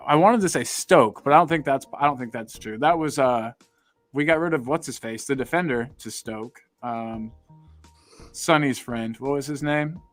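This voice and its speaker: A man's voice: mid-range voice, a bit bright. A young American man hosting a casual chat, reading out live comments and rambling with repeated words. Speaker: podcast host.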